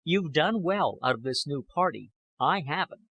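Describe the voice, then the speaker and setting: Man doing a blunt, unpleasant scientist, greedy, slow deliberate emphasis, husky. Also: fairly high pitch, expressive, fairly bright tone, no room sound, highs cut off, heavily acted. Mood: sneering.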